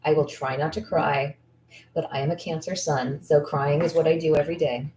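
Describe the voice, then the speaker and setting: A woman's voice: sits low, fairly even intonation, normal speed, a crowd in the background. Rambling woman in an echoey room. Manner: rambling, thinking aloud with many fillers; candid and heartfelt. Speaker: esthetician business coach. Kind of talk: casual Q&A talk. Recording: echoey room, distant mic.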